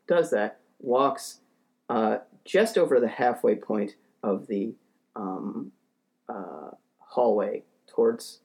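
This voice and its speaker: A man telling a story in casual talk, rambling with lots of fillers and restarts, and getting heated as he goes. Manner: acts out quotes in a shouting higher voice; grows heated and ranting. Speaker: podcast storyteller.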